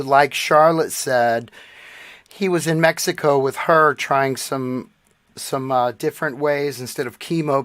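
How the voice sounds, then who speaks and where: Male podcast co-host, forties, bright tense voice, dry close mic, earnest storyteller. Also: mid-range voice, dry recording. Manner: earnest storytelling, emotional tribute. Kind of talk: casual chat.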